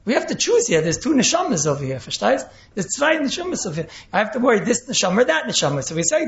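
Animated man teaching in an echoey room. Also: high voice, fast, few pauses. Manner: animated, mixes Yiddish and Hebrew terms, repeats key phrases. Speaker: Torah teacher. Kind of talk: Torah class lecture. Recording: echoey room, dull lo-fi sound.

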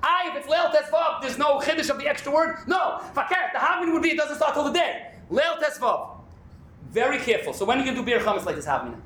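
A man with a very high voice teaches a Talmud class at a fast clip, animated and often shouting. He sounds roomy and echoey. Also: a little hiss or hum. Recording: echoey room.

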